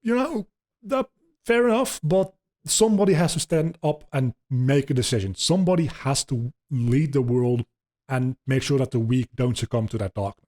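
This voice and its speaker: A man's voice: medium pitch, normal speed, a little mellow, close to an everyday voice. A man voicing a scheming old male villain in a mocking, flippant paraphrase. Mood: lecturing. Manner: flippant, swearing, casual paraphrase.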